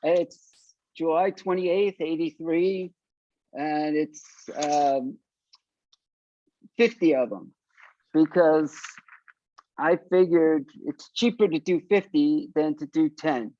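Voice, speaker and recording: A man's voice: a little high, slow pace, long pauses, lo-fi sound. An older man from South Florida, a punk singer, telling stories in an interview and acting out the voices of the people in them. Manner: animated storyteller acting out quoted voices. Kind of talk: casual storytelling interview.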